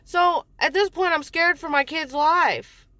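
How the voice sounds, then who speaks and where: A woman's voice: very high-pitched, measured pace, bright, forceful tone, no room sound. A woman in her forties telling her own story in a heated, blunt way, swearing often and acting out what others said. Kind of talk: angry personal storytelling.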